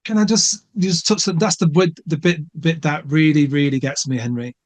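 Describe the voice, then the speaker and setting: A man's voice: on the high side, fairly even intonation, normal speed, darkish tone. A man co-hosting a podcast. He speaks with plain enthusiasm and often stumbles and repeats words as he gathers his thoughts. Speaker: podcast co-host. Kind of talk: casual chat.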